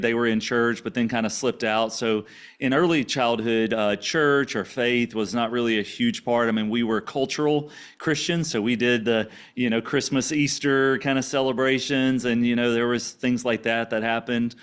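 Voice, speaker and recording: A man with a Louisiana country accent and a touch of Texas twang speaks at a middle pitch. His voice is smooth and resonant, and he tells his story as an interview guest in a loose, rambling way, often pausing on "uh". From Louisiana, USA. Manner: relaxed, rambling with frequent "uh" fillers. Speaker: guest, author and coach.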